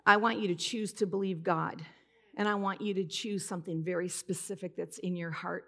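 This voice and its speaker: Her voice is lowish, gravelly, and sharp, with fairly even intonation at normal speed. In church, this woman preaches a heartfelt, conversational sermon built on a personal story, so emotional that she cries while retelling it.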